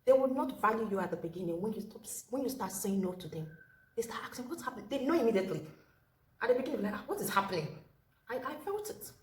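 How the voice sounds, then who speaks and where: A woman's voice: a little high, animated, fast. A woman telling a personal story in a casual storytime vlog. She gives earnest advice and often repeats her key phrases. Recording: roomy echo with faint ambience.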